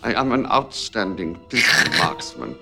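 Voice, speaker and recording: A man doing a mock German accent while voicing a hangdog older male hitman doctor who threatens in a stiff, deadpan way during casual podcast talk. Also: low-pitched, moderate pace, vocal fry, music in the background, pitched below the performer's own voice, full character voice. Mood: deadpan menace. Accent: German, put on. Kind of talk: podcast movie impression.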